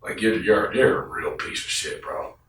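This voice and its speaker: A man's voice: low-pitched, moderate pace, a little hiss or hum. A man in an interview telling a story bluntly, swearing often and acting out what others said. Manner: blunt, profane, animated retelling with quoted voices. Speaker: interviewee, former team member. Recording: roomy echo, distant from the mic.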